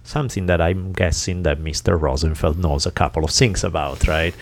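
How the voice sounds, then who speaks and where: Low-voiced easygoing male host. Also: fairly even intonation, brisk. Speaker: podcast host. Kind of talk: casual conversation.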